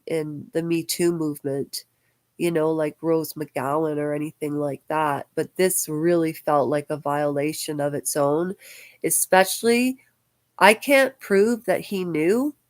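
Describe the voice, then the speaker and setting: A woman in her fifties, from Ukraine, records a personal vlog at home on her houseboat. She talks slowly and emotionally, wandering from one thought to the next as she speaks straight to camera. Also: fairly low pitch. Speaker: vlogger.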